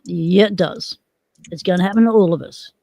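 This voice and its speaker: A woman's voice: lowish voice, normal speed, warm tone, no echo. A woman hosting a livestream in casual chat, teasing and rambling good-naturedly. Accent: Australian. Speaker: livestream host.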